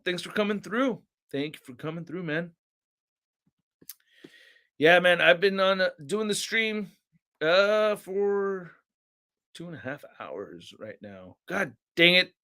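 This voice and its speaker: A man's voice: high voice, sharp tone, clean tone. A young man hosting a livestream, chatting casually in a laid-back, slangy way and telling stories to his chat. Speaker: livestream host.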